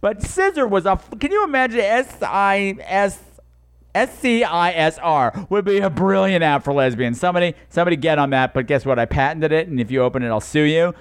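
A man's voice: on the high side, lively intonation, fairly quick, clear, resonant tone. A man hosting a talk show, telling stories in a profane, sarcastic comedic rant and slipping into mocking voices.

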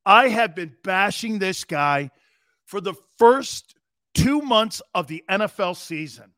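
A brash male sports radio host with a fairly high voice that rises and falls a great deal. He rambles and jokes as he talks, and he sounds close and dry. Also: lively intonation, slow pace, a bit bright, dry recording. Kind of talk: opinionated sports talk radio.

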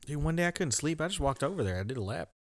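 A man co-hosts a podcast with a drawl, his voice rising and falling in a lively way. He jokes loosely and breaks into laughter often. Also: a little high, racing. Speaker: podcast co-host. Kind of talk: casual chat.

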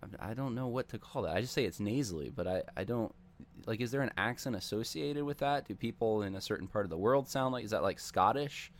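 A man's voice: fairly low pitch, lively intonation, a little fast. A man casually commenting on videos he plays, wry and rambling, often asking questions aloud.

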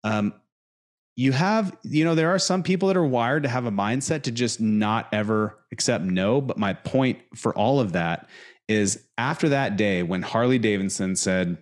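Brief: man in his thirties, chatty animated storyteller, mid pitch. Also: moderate pace. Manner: animated storyteller, fillers like dude. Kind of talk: casual chat.

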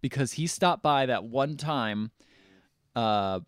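A man's voice: medium pitch, slow pace, dry recording, clean studio sound. A man on a podcast casually recapping a movie plot, rambling, joking and correcting himself as he goes. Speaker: podcast co-host.

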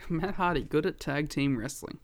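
A slightly high-voiced man speaks at a normal pace as co-host of a laid-back wrestling podcast. He rambles, fills his talk with "like" and other fillers, and laughs often.

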